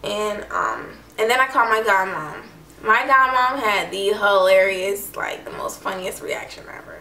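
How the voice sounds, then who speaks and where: Here a young adult woman, a vlogger, casually recounts something personal to camera, leaning on "like" and "I don't know." She talks at a normal speed in a mid-range, pushed, bright voice, captured from a distance and a bit off-mic in an echoey room.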